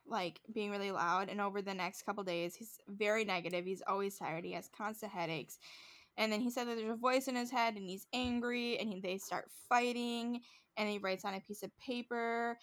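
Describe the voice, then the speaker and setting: Speaking at an ordinary pace with fairly even intonation, this young podcast co-host has a mid-range, somewhat bright voice. Her casual chat rambles through a show's plot, full of likes, filler and voices she quotes.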